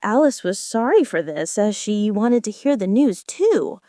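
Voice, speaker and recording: A woman reading a children's book aloud as a gentle bedtime story, voicing the characters. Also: sing-song, unhurried, dry recording, clean studio sound. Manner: gentle, acts out voices with wide pitch swings. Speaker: narrator.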